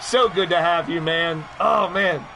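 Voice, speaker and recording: A man calling play-by-play on a wrestling video game for a live stream, rowdy and profane and often breaking into shouts while greeting his chat. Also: a little high, a little slow, gravelly, background noise.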